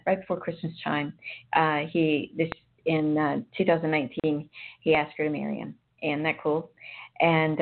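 A woman talking casually about faith as an intuitive reader, telling rambling, chatty stories full of asides. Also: deep voice. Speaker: intuitive reader and spiritual speaker. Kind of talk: casual spiritual talk to viewers. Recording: tinny phone-like sound with faint noise.

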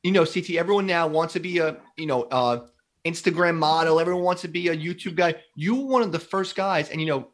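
A man's voice: fairly high pitch, fast talker. A man hosting a podcast, asking long rambling questions in a chatty, joking way. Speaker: podcast host. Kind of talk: casual interview.

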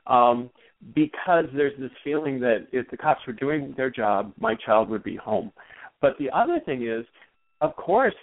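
Male expert guest, animated explainer, heard over a dry, phone-like line. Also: on the high side, dry recording. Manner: animated, acts out example dialogue. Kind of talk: explanatory interview talk.

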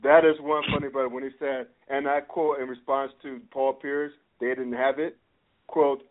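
A man's voice: medium pitch, normal speed. A man hosting a casual sports chat, rambling and repeating himself as he builds his point. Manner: rambling, repeats words and restarts, excitable. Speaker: podcast host. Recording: tinny phone-like audio.

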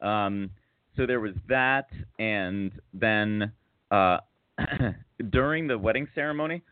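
A man's voice: fairly low pitch, takes it slowly, smooth, no echo. A man hosting a casual talk show, telling a rambling story full of fillers, restarts and self-mocking jokes. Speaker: podcast host. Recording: tinny phone-like sound.

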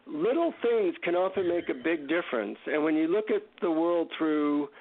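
Gravelly man telling a story by phone. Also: on the high side, normal speed. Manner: animated, self-mocking anecdote. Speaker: guest author. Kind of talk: storytelling in an interview. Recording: tinny phone line.

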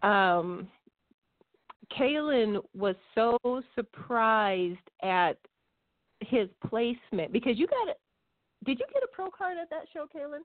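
A woman co-hosting a podcast in casual chat, talkative and quick to laugh. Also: on the high side, big pitch swings, dry recording. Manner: chatty, laughs easily. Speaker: podcast co-host. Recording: dry, phone-like line.

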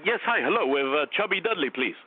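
A man's voice: fairly high pitch, animated, quick pace. A man hosting a wrestling radio show alone, eagerly rambling through his opinions while a bit out of breath from a cold. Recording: tinny phone-like dry line.

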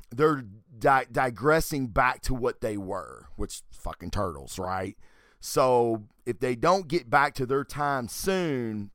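A man at a middle pitch tells the story of a comic book issue in an offhand podcast style. He curses easily and stumbles through fillers and restarts as he goes. His voice sits close and dry, with no room around it. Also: a bit bright, clean tone, dry recording. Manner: loose and profane, with frequent fillers and restarts. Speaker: podcast host. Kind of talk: casual comic book recap.

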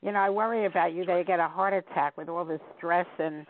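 A woman's voice: lowish voice, fairly even intonation, fast talker, no echo. A woman hosting a radio show, asking her guest chatty, teasing questions. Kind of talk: casual radio chat. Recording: tinny phone-like line.

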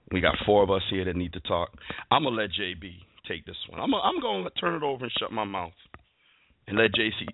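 A man hosting a casual sports talk podcast, animated and trash-talking, swearing now and then. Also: low-pitched, gravelly, dry recording. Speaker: podcast host. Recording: tinny phone-line sound, dry.

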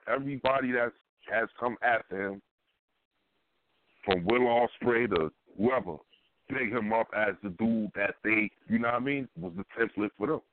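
A man co-hosting a podcast in casual chat, talking in emphatic slang and repeating himself for effect. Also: fairly low pitch. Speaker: podcast co-host. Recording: phone-like line with faint noise.

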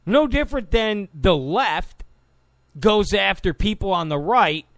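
A man's voice: sits high, lively intonation, a little slow, fairly bright tone, no echo. A man giving opinionated political talk commentary, combative and sarcastic toward his opponents. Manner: combative, mocks opponents in quoted voices.

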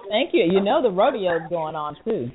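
Lady radio host, friendly quick comebacks, sounds like over the phone. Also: medium pitch, sing-song, phone-quality sound, background noise. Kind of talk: radio talk show.

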